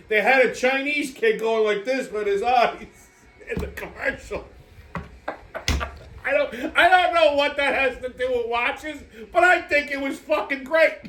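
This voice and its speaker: A high-pitched man rants through his show in a brash, foul-mouthed, rambling way, often stumbling and restarting. His voice bounces around an echoey room. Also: a bit bright. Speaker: show host. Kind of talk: casual ranting commentary.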